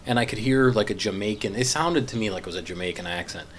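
A middle-aged man in casual conversation, telling anecdotes in a halting, rambling way. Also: fairly low pitch, slight background noise. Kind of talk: casual chat.

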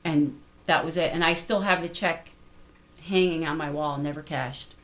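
A middle-aged woman telling a personal story in casual conversation, animated and acting out the dialogue. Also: low voice, normal speed, slight background noise. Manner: animated, repeats words, quotes people in dialogue. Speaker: guest artist.

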